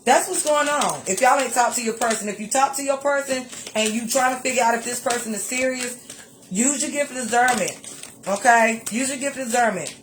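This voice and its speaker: Slightly high and slightly fast, this woman's tarot reading carries a little hiss or hum. She exclaims animatedly to her viewers, says honey to them, and repeats phrases to drive points home.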